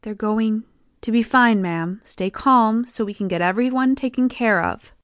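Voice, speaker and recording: A woman voicing a calm, reassuring male paramedic in an audiobook. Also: fairly high pitch, a little slow, no room sound, close to an everyday voice. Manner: steady, reassuring.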